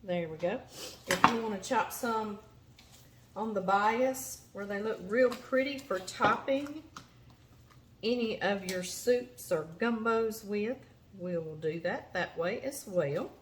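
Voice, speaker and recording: A woman's voice: medium pitch, slow. A woman with a Louisiana accent, hosting a home cooking show, chatting in a folksy way as she demonstrates knife work in her kitchen. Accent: Southern US, Louisiana. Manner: chatty, folksy, talks to the vegetables. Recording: chopping and kitchen noise behind.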